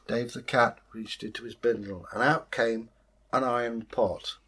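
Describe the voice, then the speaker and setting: A man's voice: mid-range voice, fairly even intonation, a bit bright, husky. A man, host of the channel, telling a folktale in a casual, playful way. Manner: unhurried, playful, slips into voices.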